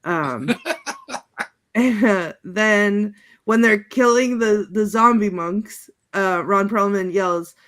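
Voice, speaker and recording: A woman's voice: medium pitch, takes it slowly, a bit bright. A woman on a podcast panel, chatting casually over a video call and recapping movie quotes in a rambling, giggly way, full of fillers and restarts.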